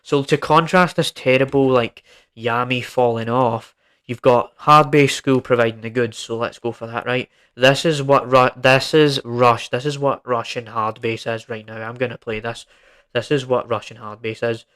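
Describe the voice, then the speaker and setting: A man's voice: mid-range voice, steady tone, normal speed, a bit bright, smooth. A young man hosting his own podcast, ranting casually and emphatically, full of "like" and "right?". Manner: rambling, emphatic and informal, with frequent "like" and "right?". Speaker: podcast host. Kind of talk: solo podcast rant.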